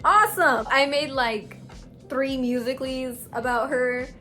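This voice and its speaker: A young woman tells a story-time tale in slangy, animated talk, jumping between hushed asides and loud outbursts. Her voice sits a bit high, with soft music faintly underneath. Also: unhurried. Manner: slangy, animated, dramatic swings in loudness. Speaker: vlogger.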